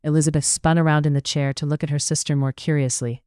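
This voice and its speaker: An audiobook narrator telling a period romance in a measured, even read. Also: mid-range voice, smooth, dry recording, clean studio sound.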